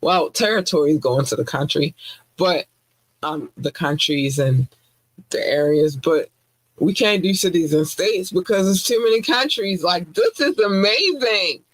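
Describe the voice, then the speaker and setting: A woman hosts a podcast in relaxed, chatty talk. She is effusive and giggly and often breaks into high squeals. Her voice sounds close and dry, with no room sound. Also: a little slow, no room sound. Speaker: podcast host. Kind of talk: casual podcast chat, shout-outs to listeners.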